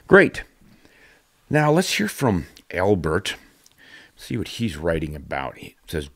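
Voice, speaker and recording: An older man hosting a podcast in casual chat, self-deprecating and quick to laugh. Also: low-pitched, no room sound, clean studio sound. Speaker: podcast host.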